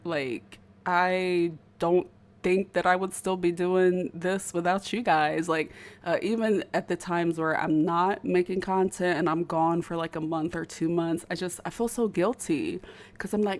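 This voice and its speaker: A young woman with a speech impediment chats casually to her viewers from home. Her voice sits a little low, and her talk wanders, with stutters and restarts along the way. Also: unhurried. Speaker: YouTuber.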